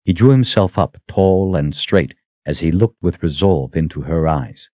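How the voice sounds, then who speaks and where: A man reading an audiobook in steady, even scripted narration. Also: deep voice, unhurried, hardly any pauses, no echo.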